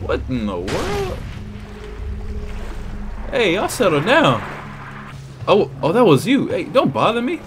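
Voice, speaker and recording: A young man commentating his game playthrough, excitable and yelling at the game. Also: a little high, measured pace, pauses often, noisy background. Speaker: gamer. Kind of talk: let's play commentary. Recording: game music behind.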